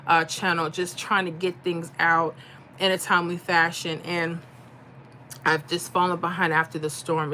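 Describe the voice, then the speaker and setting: A woman's voice: on the low side, sharp tone, a little hiss or hum. A middle-aged woman from Florida, chatting casually on a livestream and reading out viewer comments. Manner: chatty, reads comments aloud, folksy. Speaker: livestream host.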